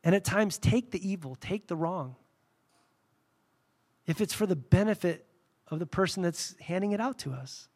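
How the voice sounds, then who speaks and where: A man delivers a sermon in a slightly high voice. He talks candidly and animatedly, telling stories with loud bursts. He then drops into quiet, reverent passages. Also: expressive, fairly quick. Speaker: pastor.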